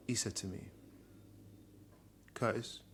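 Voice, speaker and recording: A man's voice: medium pitch, expressive, brisk, slight background noise. A middle-aged man, a guest, candidly telling a personal story in a reflective way. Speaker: guest, social worker.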